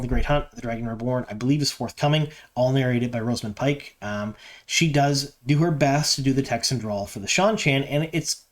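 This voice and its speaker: A man hosting a fan news channel, talking casually and with opinions, with a lot of ums and uhs. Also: mid-range voice. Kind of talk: casual solo commentary to camera.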